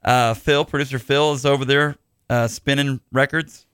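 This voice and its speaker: A podcast host chats casually, jokey and rambling, with plenty of fillers. He has a mid-range, slightly bright voice with a clear, resonant tone and fairly even intonation, speaking at normal speed on a clean studio recording with no echo.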